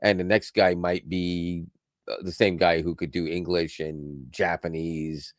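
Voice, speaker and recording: A man's voice: low voice, flat delivery, measured pace, no echo, studio quality. A man co-hosting a podcast, chatting casually about tech, rambling and correcting himself as he goes and laughing often. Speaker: podcast co-host.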